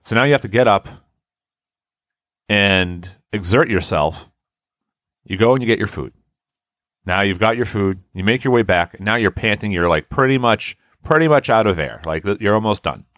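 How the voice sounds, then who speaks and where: A man's voice: lowish voice, animated, moderate pace, fairly bright tone, no room sound, studio quality. A young man co-hosting a casual comedy chat, rambling through a story and acting out the lines he quotes.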